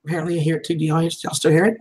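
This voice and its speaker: This livestream host talks very fast in a low, husky, slightly mellow voice with a flat delivery. She chats and laughs frequently while her voice tires, and the audio is poor.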